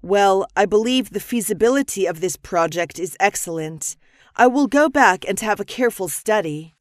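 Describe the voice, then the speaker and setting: Woman, lesson dialogue reader, measured and crisp, mid pitch, dry close recording. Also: dry recording. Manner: measured, even, clearly articulated reading. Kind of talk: scripted business dialogue reading.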